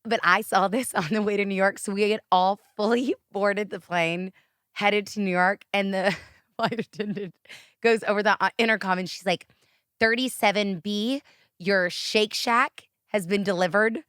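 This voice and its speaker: A woman's voice: mid-range voice, fairly even intonation, normal speed, fairly bright tone, clear, resonant tone, no echo. Podcast lady going off on pet peeves, punchy and emphatic, dry close sound. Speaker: podcast co-host. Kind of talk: casual podcast chat.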